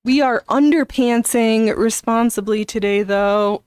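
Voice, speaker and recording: A middle-aged woman hosts a relaxed livestream, talking unhurriedly and at length as she chats with her viewers. Her voice sits a little high, and now and then she drops into soft whispered asides. The sound is close and dry, with no room echo. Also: clean tone. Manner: rambling, chatty, reads and answers viewer chat; slow, drawn-out talk with soft whispered asides. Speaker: livestream host. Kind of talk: casual livestream chat while sewing.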